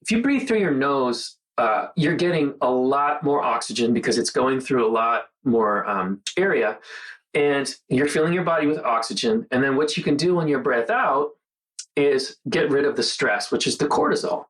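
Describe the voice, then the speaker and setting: A man hosting a casual mindfulness monologue, talking earnestly and guiding the listener through slow counted breathing. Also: mid-range voice, lively intonation, a bit bright, poor audio. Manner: earnest, conversational, guides breathing with counted pauses. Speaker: host.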